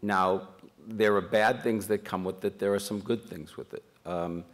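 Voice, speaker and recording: A man's voice: fairly low pitch, steady tone, moderate pace. A man, moderating a panel discussion with jokes, anecdotes and probing questions. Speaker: moderator, newspaper reporter. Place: public forum hall.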